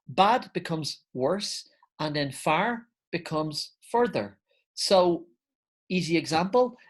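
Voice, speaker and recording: A woman teaching English grammar, explaining patiently, spelling words out and checking in with "okay?". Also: low-pitched.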